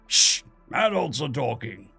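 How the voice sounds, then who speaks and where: A man voicing a defiant dead atheist who stays calm and coldly confident, asking one probing question after another. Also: mid-range voice, unhurried, vocal fry, breathy edge, faint music behind, full character voice.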